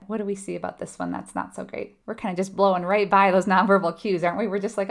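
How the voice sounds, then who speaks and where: A woman's voice: mid-range voice, expressive, fast talker, hardly any pauses. A woman tutoring nursing students live, in a conversational way, asking her viewers questions and laughing lightly. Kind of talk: live online teaching.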